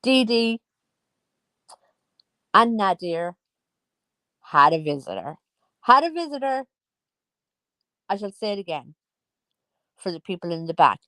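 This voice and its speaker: Forties lady dishing gossip, teasing sing-song asides, mid-pitched voice. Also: animated, measured pace, long pauses, fairly bright tone, no room sound. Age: 40s. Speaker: vlogger. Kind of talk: casual gossip commentary.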